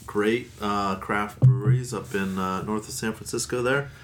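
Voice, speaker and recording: A man's voice: lowish voice, fairly even intonation, moderate pace, noisy background. A man co-hosting a podcast, casually talking about a beer he is tasting at a friend's house. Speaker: podcast co-host.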